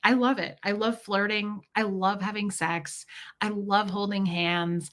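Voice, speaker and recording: A woman's voice: mid-range voice, fairly even intonation, a little slow, fairly bright tone. A woman in her forties hosting a casual livestream, telling personal stories candidly with a sassy edge. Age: 40s. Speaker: livestream host.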